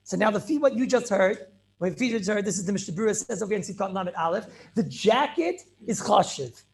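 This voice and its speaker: A man's voice: high-pitched, expressive, a little fast, creaky. A man teaching a Talmud class over a video call as a rabbi, emphatic and repetitive, with Hebrew and Yiddish terms mixed into his English. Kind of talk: animated Torah lecture.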